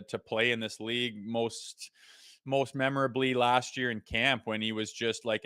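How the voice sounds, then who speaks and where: A man's voice: mid-range voice, smooth, no echo, studio quality. A Canadian man in his thirties, a former player co-hosting a casual hockey podcast, telling stories and acting out what people said. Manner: animated storytelling, acts out quotes. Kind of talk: casual sports podcast chat.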